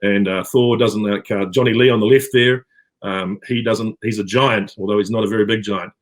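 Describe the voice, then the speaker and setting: New Zealand man with a low voice. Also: fairly even intonation, normal speed. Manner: rambling, with many fillers and restarts. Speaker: actor guest. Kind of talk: casual interview chat.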